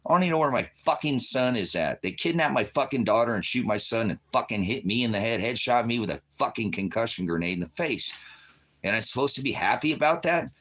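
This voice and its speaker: A middle-aged man vents to camera in a furious, profane rant. He swears nearly every line and his voice jumps into shouting when he gets worked up. Now and then he mimics other people in mocking put-on voices. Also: mid-range voice, expressive, fast. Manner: mocks others in quoted voices. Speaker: vlogger.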